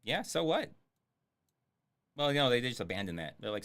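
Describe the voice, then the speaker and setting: A man's voice: mid-range voice, very animated, brisk, a bit bright, smooth. A man giving sarcastic, swearing live commentary on a film as he streams it. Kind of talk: casual livestream commentary.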